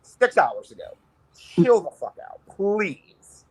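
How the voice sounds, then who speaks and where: A man's voice: high voice, very animated, slow pace, slightly rough, poor audio. A man co-hosting a reality TV podcast, talking bluntly and ranting with casual swearing. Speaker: podcast co-host. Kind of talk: casual chat.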